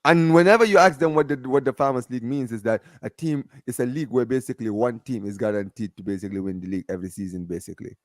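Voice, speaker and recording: A man's voice: medium pitch, rapid-fire, hardly any pauses, no room sound, studio quality. A man arguing about football on a casual live stream, emphatic and insistent, often repeating himself. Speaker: football fan panelist.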